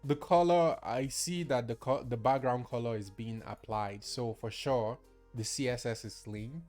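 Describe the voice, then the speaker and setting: A man's voice: medium pitch, measured pace, a little mellow, soft background music. A young man with a Nigerian accent, patiently guiding a friend through a live coding lesson and laughing easily. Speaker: coding teacher.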